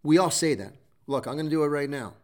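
A man's voice: a little high, lively intonation, fast. A middle-aged man hosting a show, giving a preachy motivational talk full of repeated exhortations. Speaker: show host.

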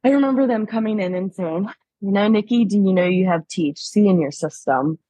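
Husky-voiced Pennsylvania mom, candid and rambling. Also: female voice, mid-range voice, a little fast, dark tone, no echo. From Pennsylvania, USA. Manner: candid, rambling with many fillers. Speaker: podcast guest. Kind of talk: casual interview.

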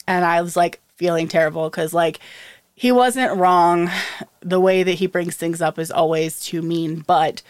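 A woman's voice: fairly low pitch, steady tone, measured pace, smooth, dry recording. A young woman co-hosting a podcast, chatting casually and telling stories, acting out what people said and laughing often. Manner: chatty storytelling, acts out quotes with laughs. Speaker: podcast co-host. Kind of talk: casual chat.

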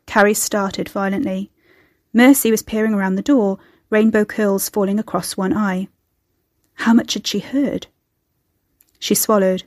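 A woman's voice: medium pitch, measured pace, pauses often, no room sound. A woman reading her own story aloud and voicing every character expressively. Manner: expressive, does all the character voices. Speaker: audiobook narrator.

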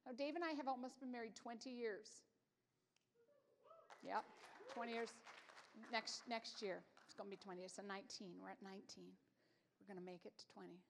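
A woman's voice: medium pitch, fairly even intonation, brisk, creaky, pauses often. A woman in her forties giving a conversational sermon as a Bible teacher, telling stories in a chatty, self-deprecating way. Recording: long hall reverb.

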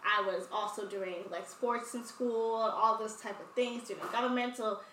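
Podcast co-host, woman in her 20s, bright and a bit high, recorded off-mic in a roomy space. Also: fairly even intonation, moderate pace, recorded from a distance, slight background noise. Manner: chatty, tells long stories with quoted self-talk. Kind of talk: casual chat.

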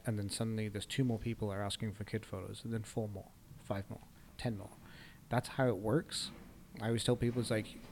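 A man's voice: on the low side, slight background noise. A man, a guest photographer, chatting in an upbeat, storytelling way in a casual podcast conversation.

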